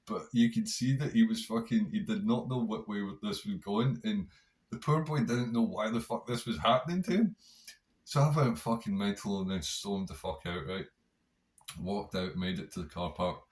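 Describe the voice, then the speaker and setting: Deep-voiced man telling a profane story. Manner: profane, swears constantly; animated, rambling storyteller. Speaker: podcast host. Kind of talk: casual storytelling monologue.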